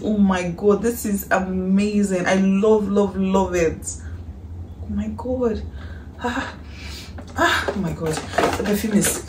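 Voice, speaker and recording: A woman with a Nigerian accent chatting in a casual haul vlog, excitable and gushing, breaking into shrieks and breathy exclamations. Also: medium pitch. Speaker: vlogger. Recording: echoey room, distant mic, faint hiss.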